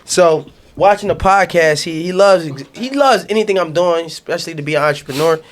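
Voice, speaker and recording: Male podcast co-host, higher voice, animated slangy storyteller. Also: brisk. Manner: animated storyteller, slangy, says "I'ma keep it G". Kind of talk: casual podcast banter.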